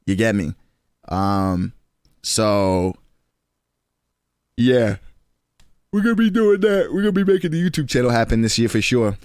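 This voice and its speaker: A young man in his twenties chatting casually on a stream, slangy and rambling, with quick restarts. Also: fairly low pitch, clean tone, dry recording, clean studio sound.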